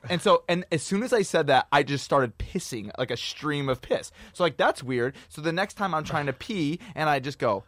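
Lively, animated male podcast host. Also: on the high side, moderate pace, hardly any pauses, dry recording. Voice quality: animated storyteller, laughs often. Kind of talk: crude casual chat.

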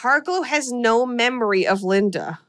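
A woman's voice: a little high, animated, normal speed, fairly bright tone. A woman hosting a podcast, recapping a horror movie in casual chat and laughing often as she retells scenes. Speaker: podcast host.

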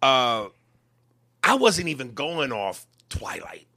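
A man's voice: medium pitch, big pitch swings, slow pace, sharp tone, husky, no room sound, clean studio sound. A man in casual podcast chat, giving blunt, emphatic opinions.

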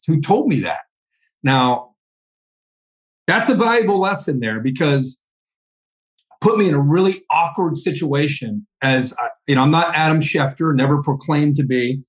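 A middle-aged man, a college football analyst, telling a long story on a podcast in a conversational way, often repeating words as he starts a sentence. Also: mid-range voice.

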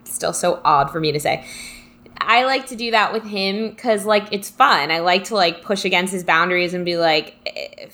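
Bright-voiced woman rambling reflectively. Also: lowish voice, normal speed. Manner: rambling and reflective, many fillers. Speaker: co-host reading live comments. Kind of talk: casual live-stream chat.

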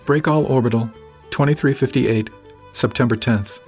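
A man narrating a story in the first person, in a calm, dryly witty manner. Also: medium pitch, normal speed, soft background music. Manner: calm, dry wit. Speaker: audiobook narrator.

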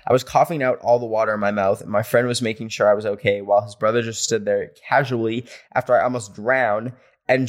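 Playful male podcast host. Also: mid-range voice. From rural area. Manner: playful, animated reactions with laughter. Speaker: podcast host reading listener stories. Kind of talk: casual podcast chat.

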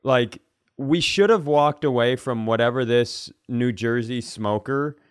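A man's voice: medium pitch, a little slow, clear, resonant tone, dry recording, studio quality. A man co-hosting a comedy podcast, rambling and riffing with profane asides. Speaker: podcast co-host. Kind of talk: casual comedic chat.

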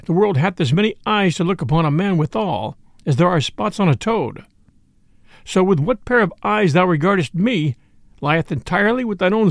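A man's voice: high-pitched, vocal fry, no echo, studio quality. A man voicing a jolly, bold outlaw leader who speaks in archaic, courtly old-fashioned English.

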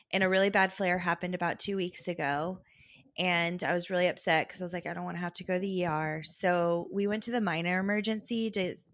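Animated woman telling a story. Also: on the low side, dry recording, studio quality. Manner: animated, laughing storyteller with quoted voices. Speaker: podcast co-host. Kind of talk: casual storytelling chat.

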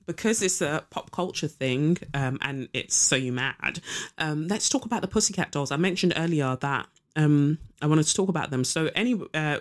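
A young adult podcast host who chats casually, reads news items aloud and gives sarcastic, opinionated takes full of fillers. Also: medium pitch.

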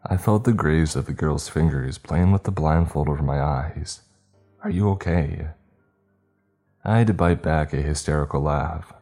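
Very deep-voiced male storyteller. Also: normal speed, few pauses, dark tone, faint music behind. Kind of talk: first-person story narration.

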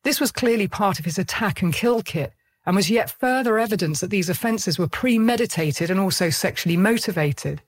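Female true crime narrator, mid-range voice, reads in a steady, grave, matter-of-fact way. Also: mid-range voice, a little fast. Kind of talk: scripted narration.

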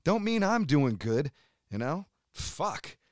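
A man's voice: on the high side, big pitch swings, slow, no room sound, clean studio sound. A middle-aged American man, a guest on a podcast, ranting in emphatic, profane casual talk, swearing constantly. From United States. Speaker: podcast guest, metal musician. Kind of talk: heated casual rant.

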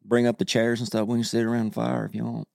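A man voicing a genteel Southern gentleman with a put-on Southern US accent, slow, soft and drawling. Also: mid-range voice, flat delivery, vocal fry, dry recording, clean studio sound. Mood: hospitable. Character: genteel, syrupy Southern gentleman host, middle-aged.

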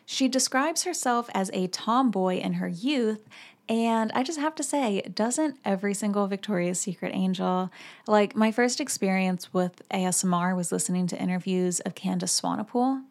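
A young woman hosting a podcast in casual chat. Her voice is sore and slightly hoarse, and she talks in a chatty way full of fillers. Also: medium pitch, normal speed. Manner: chatty, filler-heavy, with many "like"s. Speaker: podcast host.

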